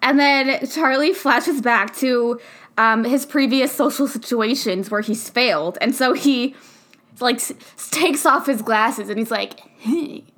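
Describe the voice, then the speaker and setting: A woman's voice: on the high side, measured pace, a bit bright. A young woman recapping a movie in casual chat with a friend, laughing often and swearing in mock outrage.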